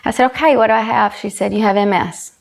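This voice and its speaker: A woman's voice: medium pitch, fast talker, gravelly. A woman from South Carolina with a Southern US accent, earnestly telling a personal story as a guest and retelling dialogue. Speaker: guest, country singer.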